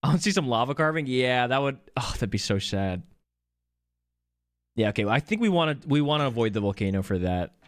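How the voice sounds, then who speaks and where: A man's voice: medium pitch, lively intonation, fast talker, few pauses, smooth, no echo, clean studio sound. A man streaming a video game live, chatting playfully and joking with his viewers. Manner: playful, joking, reacts to chat. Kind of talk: casual live gameplay commentary.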